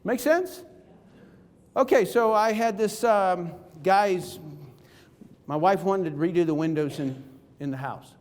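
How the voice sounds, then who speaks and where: A man's voice: high voice, slow pace, pauses often. A man giving a motivational seminar talk, emphatic and full of rhetorical questions to the audience. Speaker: keynote speaker. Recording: reverberant hall.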